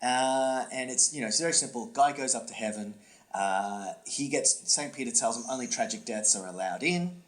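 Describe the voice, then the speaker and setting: A man co-hosting a comedy podcast, telling a long story with swooping pitch, many fillers and restarts. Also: expressive, moderate pace, faint music behind. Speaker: podcast co-host and comedy workshop instructor. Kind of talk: casual podcast chat, storytelling.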